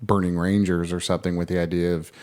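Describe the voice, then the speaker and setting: Low-voiced dude co-hosting a podcast, laid back, lots of ums. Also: male voice, level tone, fast talker, a little mellow. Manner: easygoing and hedging, with fillers. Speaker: podcast co-host. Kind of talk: casual chat.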